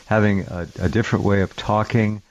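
A man chatting on a talk radio show, agreeable and quick to jump in. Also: on the low side, steady tone, muffled recording.

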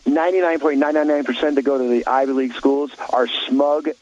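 A man's voice: medium pitch, steady tone, brisk, a little mellow. Blunt, rambling man on a lo-fi talk show. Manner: blunt, rambling, many restarts and fillers. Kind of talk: opinionated talk show chat.

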